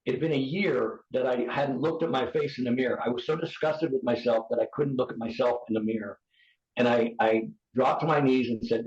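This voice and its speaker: Man from the United States, 50s, earnest pleading testimony, middle pitch, echoey muffled podcast audio. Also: steady tone, fairly quick, darkish tone. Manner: earnest and pleading, with frequent restarts. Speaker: podcast guest. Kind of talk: emotional personal testimony. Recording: roomy, dull podcast audio.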